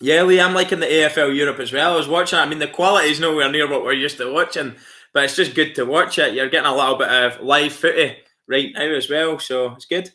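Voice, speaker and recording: A man's voice: a little high, quick pace, sharp tone. A man with a Scottish accent hosting a livestream, chatting casually and answering viewer comments in a friendly way. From Scotland. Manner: friendly and chatty, calls viewers mate, laughs often. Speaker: livestream host.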